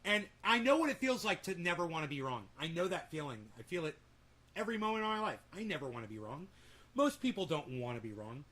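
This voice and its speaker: A man's voice: fairly high pitch, very animated, quick pace, sharp tone. A man hosting a livestream, chatting in a rambling, laid-back way and swearing casually. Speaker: livestream host.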